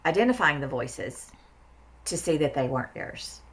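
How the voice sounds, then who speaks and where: Low-voiced woman, blunt and emphatic. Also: sing-song, moderate pace, fairly bright tone. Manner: emphatic, blunt, swears freely, repeats words for stress. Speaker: therapist guest. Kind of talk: casual podcast conversation.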